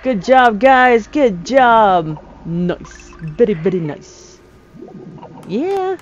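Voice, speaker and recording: A woman chats her way through a video game at a slow, easy pace, her voice sitting a little high. She laughs often and gets excitable. The sound is slightly muffled and lo-fi, with a faint hiss behind her. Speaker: gamer. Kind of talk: casual gameplay commentary.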